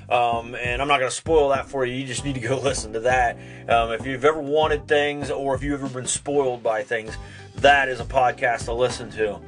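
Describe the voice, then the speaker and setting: A man's voice: mid-range voice, a bit bright. A man hosting a podcast, laid-back and upbeat, talking with many fillers. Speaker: podcast host. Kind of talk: casual podcast monologue.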